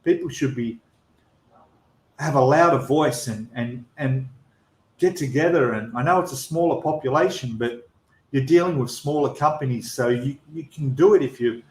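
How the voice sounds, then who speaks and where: A man's voice: mid-range voice, normal speed. An Australian man hosting a live stream Q&A, talking in an exasperated, emphatic way with frequent restarts. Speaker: channel host. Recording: roomy echo.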